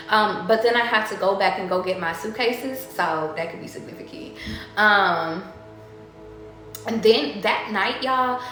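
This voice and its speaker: A woman tarot reader chats casually, rambling between stories, swearing freely and laughing often. Her mid-range voice is bright and forceful, heard in a very echoey room with faint music behind.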